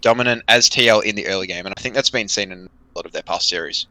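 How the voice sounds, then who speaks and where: Young man, podcast co-host, casual esports chat, hesitant, bright tone, dry close mic. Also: lowish voice, fast, dry recording, rough recording. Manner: hesitant, many fillers and restarts.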